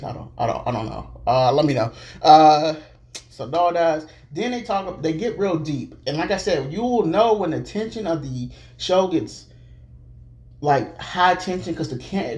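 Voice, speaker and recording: A man giving an excited, rambling and scattered casual recap, talking loosely and jumping around. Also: a little high, normal speed. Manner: loose, filler-heavy talk with restarts. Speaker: show recap vlogger.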